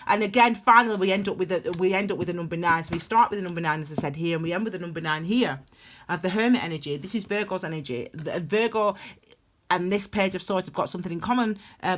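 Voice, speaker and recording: Rambling woman reading tarot. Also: lowish voice. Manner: rambling and emphatic, many restarts. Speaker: tarot reader.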